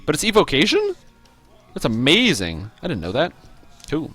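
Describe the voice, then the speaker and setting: A man chatting casually to his viewers while streaming a video game, rambling and reacting excitedly to the gameplay. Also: fairly high pitch, moderate pace, breathy edge, soft background music. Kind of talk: casual live-stream commentary.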